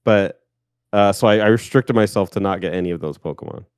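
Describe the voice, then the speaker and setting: A man in casual podcast chat who rambles and starts his sentences over. His voice comes through smooth and clean, recorded dry and close with little room sound. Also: lowish voice, a little fast, darkish tone, no room sound. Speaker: podcast co-host.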